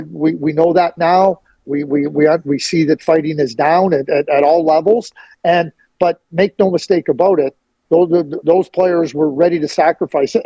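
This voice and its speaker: A man's voice: on the high side, mellow, breathy edge, no echo, muffled recording. A middle-aged man giving blunt, emphatic hockey opinions as a guest on a sports radio interview.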